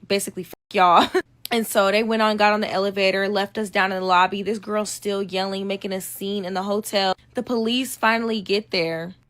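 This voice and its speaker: A woman's voice: mid-range voice, fairly even intonation, a little fast, fairly bright tone. Young woman storyteller, casual and slangy, conversational vlog delivery. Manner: chatty, slangy, quotes people with "I'm like". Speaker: storytime vlogger.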